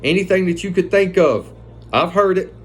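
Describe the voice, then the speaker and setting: A man's voice: sits high, normal speed, husky. A man telling a personal story in a casual, conversational way, swearing freely and retelling the events with animation.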